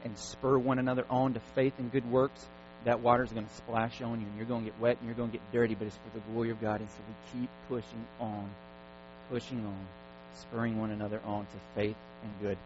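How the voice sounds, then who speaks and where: A male pastor preaching a sermon, driving his points home through repeated commands. His voice sits at an ordinary middle pitch. The recording sounds dull and lo-fi, with a faint mains hum underneath. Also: darkish tone. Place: church service.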